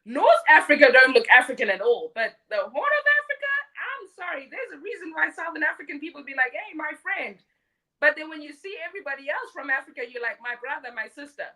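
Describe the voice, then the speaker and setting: A woman's voice: sits high, very animated, quick pace, hardly any pauses, pushed and bright, rough recording. A woman in her thirties hosting a live stream, blunt and mocking as she talks and mimics others. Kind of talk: opinionated live stream monologue.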